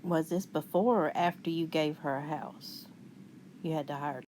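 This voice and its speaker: A woman hosting a commentary video, calmly and skeptically rebutting the clips she plays. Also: low-pitched, moderate pace, a little hiss or hum. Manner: calm, skeptical, wry rebuttals. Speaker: commentary channel host. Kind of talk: reaction commentary.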